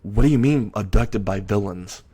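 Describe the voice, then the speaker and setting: A man's voice: on the low side, normal speed, dark tone, close to an everyday voice. A man voicing a worried, caring mother with a slightly raised, pleading delivery. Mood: upset.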